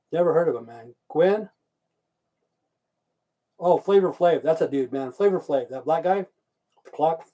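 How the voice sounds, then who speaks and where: A man's voice: on the high side, mellow. A man from Idaho hosting a live stream, chatting casually, swearing often and answering viewers' chat messages aloud. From Idaho, USA.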